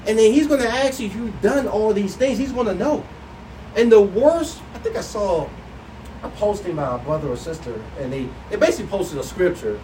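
Earnest high-voiced man preaching from afar. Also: big pitch swings, brisk, warm tone. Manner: earnest, emphatic, repeats key lines. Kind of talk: Bible lesson sermon. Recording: distant mic with faint background noise.

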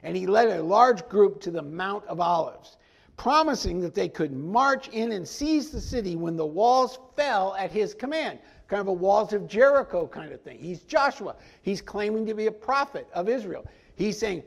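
A man preaching a conversational verse-by-verse sermon, animated and folksy, often stepping into the story to act out the characters. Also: high voice, normal speed, creaky. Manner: animated, acts out quoted lines in the story; folksy, frequent "I mean" asides. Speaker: pastor teaching a Bible study.

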